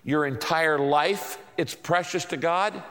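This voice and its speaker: A man's voice: fairly high pitch, takes it slowly, fairly bright tone. A male pastor giving a sermon. He uses an emphatic, repetitive teaching rhythm and keeps asking rhetorical questions. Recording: long hall reverb.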